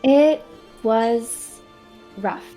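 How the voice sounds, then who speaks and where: A woman playing her character in a tabletop game, warm and prone to giggling. Her pitch is in the middle for a woman. A little music sits faintly behind her. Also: extremely slow. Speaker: player.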